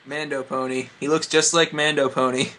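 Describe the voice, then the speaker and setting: A man's voice: mid-range voice, little pitch movement, normal speed, bright, forceful tone, slight background noise. A man chatting casually on a podcast, jokey and rambling. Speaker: podcast guest. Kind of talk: casual chat.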